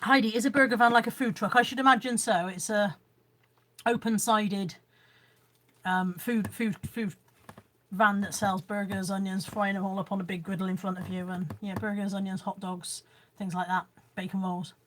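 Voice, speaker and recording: A woman vlogger chats casually on a live stream from a room at home, showing off her haul and reading viewer comments aloud. Her medium-pitched, fairly bright voice has fairly even intonation at a moderate pace, with slight background noise.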